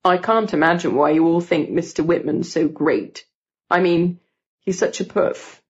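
A woman narrator voicing a teenage schoolboy who needles his classmates, lowering her voice into a put-on bass. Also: measured pace, highs cut off, lightly acted. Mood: mocking. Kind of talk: audiobook character voice.

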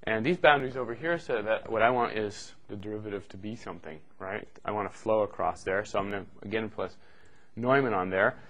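A middle-aged man lecturing a class in a relaxed, off-the-cuff way. His voice sits a little low, and he keeps checking in with "okay" and "right" as he walks through each step, dropping the odd joke along the way. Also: fairly quick. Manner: casual, joking asides, frequent "okay" and "right". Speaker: university lecturer.

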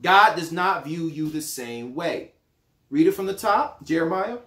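A man teaching a bible study in a playful, animated preaching manner. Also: a little high, unhurried. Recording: roomy echo.

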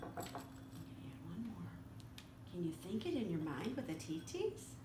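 Animated sing-song woman music teacher. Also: on the low side. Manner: slow, animated, sing-song talk to young kids. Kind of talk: children's music lesson. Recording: echoey room with faint noise.

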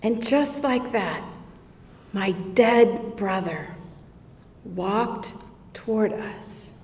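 A woman's voice: medium pitch, drawn-out words, darkish tone. A woman playing a grieving, awestruck sister telling her story in a first-person monologue, slipping into whispers at tense moments. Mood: earnest, awed. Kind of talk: first-person dramatic monologue in a worship service. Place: church sanctuary. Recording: echoey church hall.

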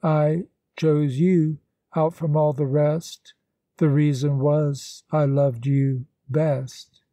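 A man reading the lines of a grave, sorrowful gentleman in a storybook, in a measured and solemn way. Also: a little high, flat delivery, dry recording. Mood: tender.

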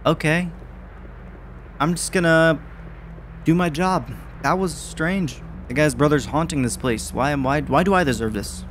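A man's voice: a little high, unhurried, fairly bright tone, slight background noise. A man playing a horror game and commenting casually, swearing often and reacting jumpily. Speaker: gaming video creator.

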